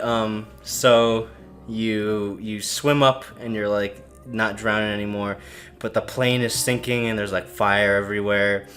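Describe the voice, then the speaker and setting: A tipsy podcast co-host with a lowish, steady, fairly bright voice rambles loosely through a drunken story, speaking a little slowly. He laughs at his own bits and puts on silly voices for quotes, with faint music in the background.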